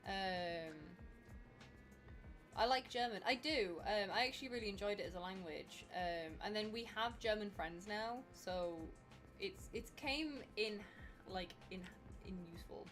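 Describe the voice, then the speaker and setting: A young woman from northern England chats casually on a stream, rambling through her sentences with plenty of ums and likes. Her voice sits at a middle pitch, and faint music plays behind her. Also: measured pace, fairly bright tone. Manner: chatty, rambling with many fillers. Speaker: cosplay streamer. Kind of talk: casual livestream chat.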